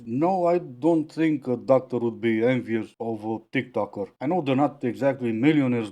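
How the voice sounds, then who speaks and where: Man, commentary host, dry mocking humor, warm dark tone, mid pitch. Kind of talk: sarcastic commentary.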